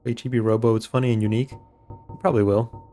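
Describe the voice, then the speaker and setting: A man's voice: medium pitch, flat delivery, fast talker, dark tone. A man streaming a video game, chatting with his viewers and teasing enemies in a dry, joking way. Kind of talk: casual gameplay commentary. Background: game music.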